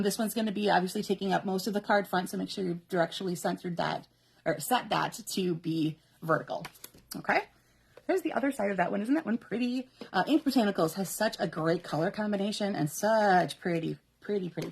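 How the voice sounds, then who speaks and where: A woman hosts a live card-making demonstration at her craft table, talking viewers through each step in a chatty way and laughing often. Her voice has a gravelly, slightly husky edge at a middle pitch. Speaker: papercraft host.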